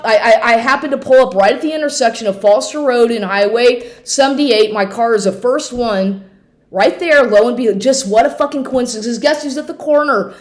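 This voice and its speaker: A woman telling an angry personal story as a vlogger, profane and agitated, rambling with many restarts. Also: medium pitch.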